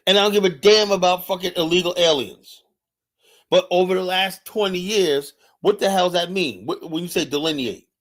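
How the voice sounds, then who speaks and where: A male livestream host with a slightly high voice, ranting through a heated political monologue. He talks in a combative, profane way, often repeating his phrases. He calls out his viewers directly. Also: normal speed, a bit bright.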